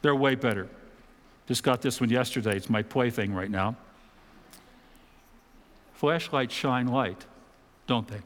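A man preaching a sermon in a church auditorium, talking in a conversational way with dramatic pauses and the odd mock voice. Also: mid-range voice, big-room sound. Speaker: pastor.

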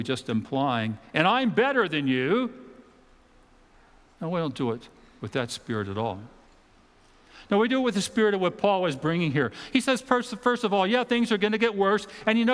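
A man with a slightly higher voice preaches in a church auditorium. He keeps it conversational, slowing down for dramatic pauses and now and then slipping into mock voices. A long reverb trails off his words through the hall. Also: a bit bright, smooth. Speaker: pastor. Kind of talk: sermon.

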